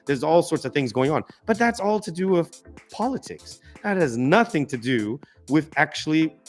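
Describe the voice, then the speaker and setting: A man hosting a live political talk stream, ranting emphatically and stumbling over restarts. His voice sits somewhat high for a man, with faint music in the background. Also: very animated, normal speed. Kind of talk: casual political commentary.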